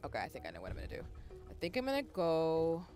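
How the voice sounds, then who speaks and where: A young woman with a Southern US accent, streaming a game live, chatty, swearing and breaking into loud outbursts. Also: sits low, wildly swooping pitch, fast talker, faint music behind. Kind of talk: live gaming stream chat.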